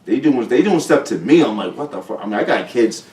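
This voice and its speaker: Man, guest fighter, quick blunt profane talk, distant mic, echoey room. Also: medium pitch. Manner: blunt, profane, animated storytelling. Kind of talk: casual podcast chat. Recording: roomy sound from a distant mic.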